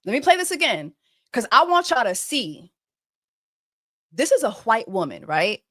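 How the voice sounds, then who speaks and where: A woman's voice: fairly high pitch, big pitch swings, unhurried, sharp tone, no echo, studio quality. A woman hosting a reaction commentary, talking emphatically and repeating phrases to drive her point home. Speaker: host.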